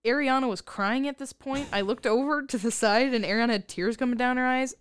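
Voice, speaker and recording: A woman's voice: a little high, fairly quick, clear, resonant tone. A woman co-hosting a casual movie recap, telling the plot in a dry, wry way and laughing often. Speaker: podcast co-host.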